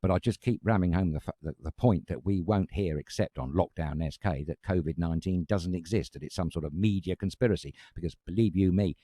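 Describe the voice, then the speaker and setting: A London-raised man co-hosting a live chat show, with a very low, mellow voice. He talks to his viewers in a chatty, emphatic way, leaning hard on key words. The sound is close and dry, with no room echo. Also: fairly quick, hardly any pauses. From north London, England. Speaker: talk show co-host. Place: studio.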